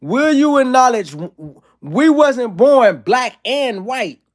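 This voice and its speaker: A man's voice: very high-pitched, expressive, takes it slowly. A man streaming live, delivering a provocative, profane and emphatic monologue to his chat.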